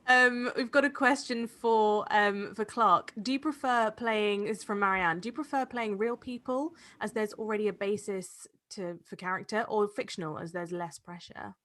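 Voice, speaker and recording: Female panel moderator, mid-pitched, friendly question reader. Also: moderate pace, few pauses. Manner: bright, friendly, reads audience questions.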